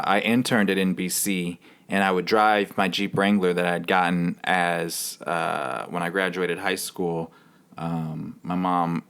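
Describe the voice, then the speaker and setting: A man's voice: deep voice, a little mellow. A man of thirty, a podcast host, telling his own story in a candid, rambling way with many fillers. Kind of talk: personal storytelling monologue.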